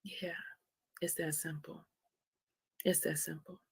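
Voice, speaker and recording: A woman hosting a motivational livestream, speaking softly and slowly with a Southern American touch, often dropping to a whisper. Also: sits low, little pitch movement, vocal fry, breathy edge, no echo. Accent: American, Southern country touch. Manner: soft, slow and prayerful, often dropping to a whisper. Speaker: livestream host.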